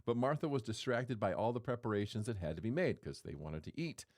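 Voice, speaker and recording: Low-voiced man preaching casually. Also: sing-song, brisk, a little mellow. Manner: conversational and playful, acting out quotes with shifting voice. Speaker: pastor. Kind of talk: sermon.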